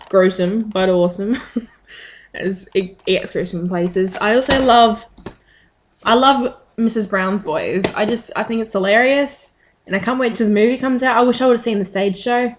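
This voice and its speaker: A woman's voice: mid-range voice, a little hiss or hum. A woman chatting casually to the camera in a rambling way with frequent ums. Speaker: vlogger.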